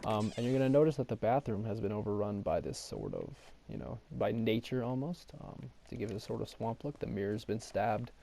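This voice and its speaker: A man's voice: lowish voice, sing-song, brisk, creaky, few pauses, warm tone, a little hiss or hum. A man giving a casual gameplay walkthrough. He explains each step in a rambling way, full of ums, and raises his voice at times to talk over the game's music. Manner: rambling, filler-heavy explanation with frequent ums. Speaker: game walkthrough guide. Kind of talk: casual gameplay tutorial commentary.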